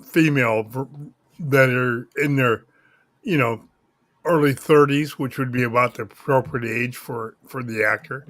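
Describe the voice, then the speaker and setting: A man's voice: medium pitch, unhurried, a bit bright, dry recording. A man co-hosting a casual entertainment chat, making blunt, dry quips. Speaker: co-host.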